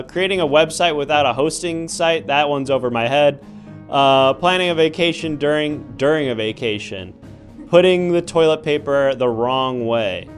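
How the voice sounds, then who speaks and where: A man hosting an improvised comedy show as a mock judge, with formal courtroom patter and a bemused tone. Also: a little high. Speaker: host playing a judge.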